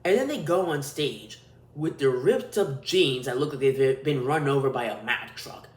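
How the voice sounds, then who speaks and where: A man's voice: mid-range voice, animated, moderate pace. A man hosting a podcast, delivering a crude, profane, ranting solo monologue. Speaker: podcast host. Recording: roomy echo.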